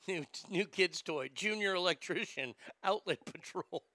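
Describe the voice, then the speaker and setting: A man's voice: high voice, expressive, unhurried, bright, forceful tone, no room sound. A middle-aged man hosting a casual talk show, telling stories in a wisecracking, profane way. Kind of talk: casual talk radio banter.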